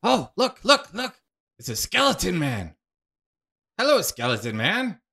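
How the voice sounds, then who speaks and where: A cheerful, nosy woman's ghost chatters away in a high, bouncing voice. She gushes over everyone she meets, as a man puts her on. The tone is bright and forceful. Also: very animated, measured pace, creaky, full character voice. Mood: excited. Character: chirpy chatty female ghost picnicker.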